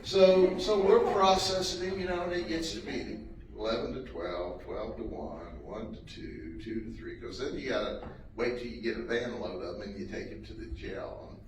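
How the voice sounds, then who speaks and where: A man's voice: mid-range voice, normal speed. A man telling a folksy, chuckling story to an audience at a community event. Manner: folksy, chuckling, lively delivery. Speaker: sheriff speaking at a community event. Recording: echoey, distant, noisy room.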